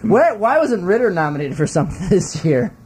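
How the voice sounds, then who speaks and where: A man's voice: high-pitched, brisk, a little hiss or hum. A man co-hosting a casual talk show, joking with dry sarcasm. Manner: dry, sarcastic, deadpan jokes. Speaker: podcast co-host. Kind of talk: casual banter.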